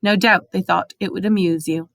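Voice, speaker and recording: A woman voicing a calm, kindly old male headmaster wizard who speaks gently and formally, in a dry storybook reading. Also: medium pitch, normal speed, vocal fry, no echo. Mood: gentle.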